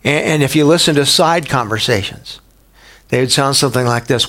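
A man preaching a sermon in a conversational way, asking the listeners rhetorical questions and rising sharply in pitch for emphasis. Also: brisk, fairly bright tone. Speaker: pastor.

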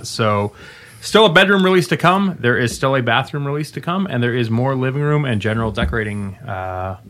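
Podcast host, male, bright tense voice, rambling and upbeat, drifts into announcer delivery. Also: medium pitch. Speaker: game developer podcast host. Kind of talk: casual podcast chat.

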